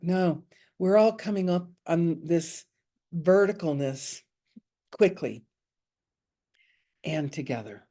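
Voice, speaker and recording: A woman's voice: on the low side, warm tone. A woman leading a spiritual study group over a video call, talking in an informal, confiding way and chuckling often. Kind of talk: informal spiritual teaching talk.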